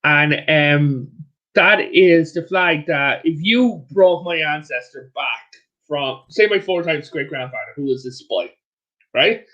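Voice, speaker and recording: A man who is a guest on a casual history chat show, telling his stories with animated asides. His voice sits slightly high, and the audio is muffled and lo-fi. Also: takes it slowly. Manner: animated storyteller, chatty asides.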